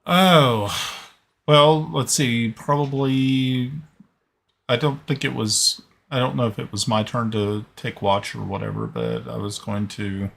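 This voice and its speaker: Slow gravelly bright-voiced man. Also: medium pitch, steady tone. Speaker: tabletop player. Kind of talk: casual game chat.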